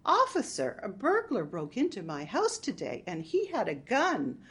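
A woman's voice: a little high, very animated, unhurried, pitched above the performer's own voice. A woman voicing gleefully unhinged housewife Marge. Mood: sweetly scheming.

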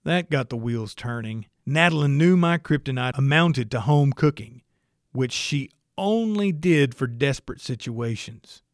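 A man's voice: medium pitch, animated, measured pace, no echo. A man narrating a story in the first person, with a wry, dry storytelling manner. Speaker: audiobook narrator.

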